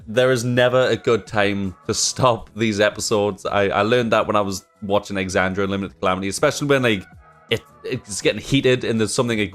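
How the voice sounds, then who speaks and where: A man with a lowish voice chats casually to his viewers as he hosts a reaction video, rambling and apologising as he goes. Faint music sits underneath. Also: a bit bright. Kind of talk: casual chat to camera.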